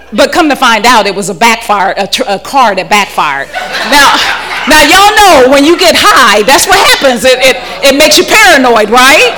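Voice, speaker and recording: A woman telling a frank, humorous church testimony into a handheld mic to a live audience. She often laughs and repeats words as she restarts her sentences. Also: high voice. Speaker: speaker giving a personal testimony. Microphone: handheld microphone.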